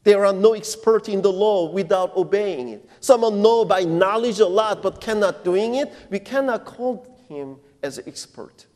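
A male pastor giving a sermon in non-native English phrasing, preaching deliberately and emphatically and putting questions to his congregation. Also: sits high, lively intonation, a little mellow. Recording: long reverb of a church hall.

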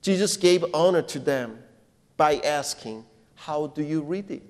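A man with a high, light voice preaches a sermon in a church at an unhurried pace. His non-native English phrasing comes out deliberate and emphatic, and he often turns to quiz the congregation. A long hall reverb trails every phrase. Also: expressive, darkish tone. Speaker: pastor.

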